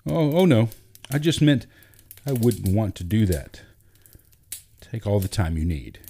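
A man's voice: lowish voice, very animated, a little slow, warm tone, slightly rough, full character voice. A man voicing a nervous, sheepish father who stammers and hesitates.

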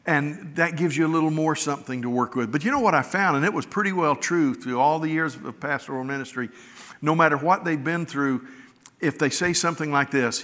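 A man's voice: fairly high pitch, moderate pace, sharp tone. A middle-aged man preaching a sermon as a pastor, telling stories in a folksy, earnest, conversational way. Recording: long reverb of a large hall.

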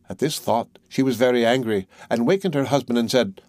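A man narrating a classic fairy tale as an audiobook in a measured, clear reading. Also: mid-range voice, darkish tone, no echo, studio quality. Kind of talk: scripted storybook narration.

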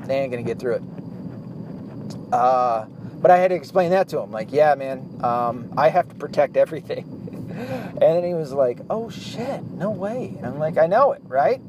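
A man in his thirties talking casually about fatherhood, blunt and profane, rambling with lots of fillers. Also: mid-range voice. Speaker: dad vlogger. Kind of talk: casual monologue to camera. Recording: outdoor traffic noise behind.

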